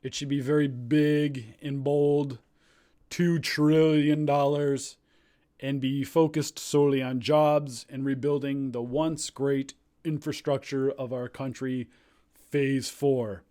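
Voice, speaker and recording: A man's voice: mid-range voice, level tone, slow, mellow, natural voice. A man doing a blustery politician impression. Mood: pompous. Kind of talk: mock interview impression.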